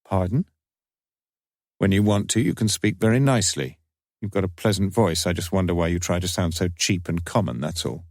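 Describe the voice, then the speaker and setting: A man voicing a cultured, authoritative older police inspector with a sharp, dry manner. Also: sits low, brisk, dry recording. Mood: probing.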